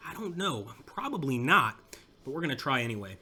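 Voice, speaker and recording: A young man with a Southern American accent giving casual let's-play commentary, urging his units on and reacting loudly to the battle. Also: medium pitch, a little fast, slightly rough. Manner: excitable, shouts at units during the battle. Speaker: gameplay commentator.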